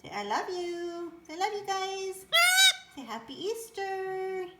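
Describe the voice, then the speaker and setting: A woman's voice: very high-pitched, very animated, unhurried. A woman talking to her pet bird in sing-song baby talk, coaxing and cooing at home. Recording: roomy with faint noise.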